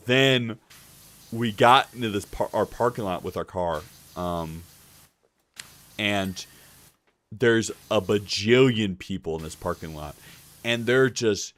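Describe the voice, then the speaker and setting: A man streaming live, telling a story in a rambling, casual way, with lots of fillers and swearing. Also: sits low.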